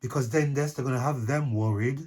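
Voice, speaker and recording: This young man speaks briskly at medium pitch, his tone a little mellow. He's a relaxed co-host on a couples channel, laughing often in casual chat and regularly asking "if you get what I mean" to make sure he's followed.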